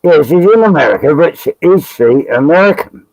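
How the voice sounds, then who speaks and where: A man's voice: fairly high pitch, lively intonation, normal speed, a little mellow, dry recording, poor audio. A man with an Australian accent, chatting as a guest on a live stream, rambling and joking with frequent laughs. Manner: rambling, jokey, laughs often. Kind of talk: casual live stream banter.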